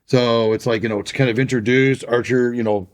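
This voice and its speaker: A man with a middle-pitched voice chats casually as a podcast co-host. He talks in a relaxed, rambling way and often breaks off and restarts his sentences. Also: fairly quick. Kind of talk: casual chat.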